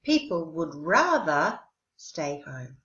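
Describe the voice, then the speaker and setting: A woman teaching an English lesson, speaking slowly and carefully and modelling pronunciation clearly. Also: sits low, sing-song, fairly bright tone. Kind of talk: recorded language lesson. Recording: roomy, dull lo-fi sound.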